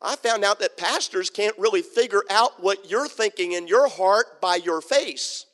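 A man's voice: sits high, a little slow, big-room sound. A man preaching a sermon as a pastor, telling stories with humor and acting out the people in them. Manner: storytelling, animated, with acted-out quotes and humor. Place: church sanctuary.

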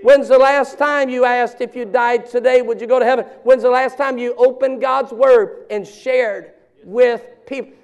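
A man, preaching a sermon with shouted bursts and joking asides. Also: extremely high pitch, fairly even intonation, normal speed, clean tone. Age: 50s.

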